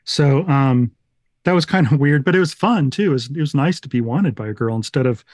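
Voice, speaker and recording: A middle-aged man from Utah tells his life story as a podcast guest. He rambles along casually and pokes fun at himself. The voice sits at an ordinary pitch in a dry, close room. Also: animated, fairly quick, darkish tone, no echo. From Utah, USA. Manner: rambling, self-deprecating, fond of 1980s references.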